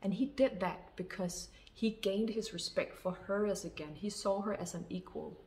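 A woman's voice: mid-range voice, moderate pace, darkish tone. A woman speaking as a love coach, giving an earnest spoken monologue of advice to women. She talks emphatically, repeating her phrases and calling her listeners sisters.

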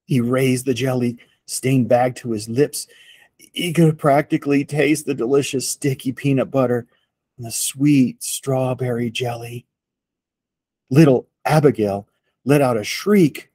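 A man reading a picture book aloud to children in an expressive storytelling voice. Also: medium pitch, dry recording. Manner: slow, expressive read-aloud.

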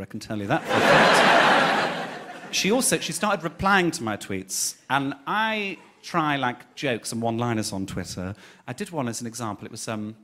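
A man, doing live stand-up comedy with camp, teasing banter and giggles at his own jokes. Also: medium pitch. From Birmingham, England. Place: theatre stage with laughing audience. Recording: noisy live audience recording.

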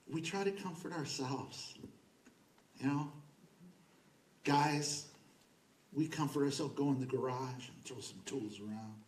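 Pastor guy preaching, highish voice, keeps going no no no, echoey church picked up from far off. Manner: emphatic and conversational, repeating words for stress. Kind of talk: sermon. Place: church sanctuary.

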